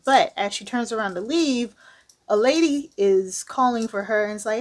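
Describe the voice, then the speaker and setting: A woman's voice: on the high side, normal speed. A woman reviewing a manga, retelling the plot in a casual, slangy style with candid asides.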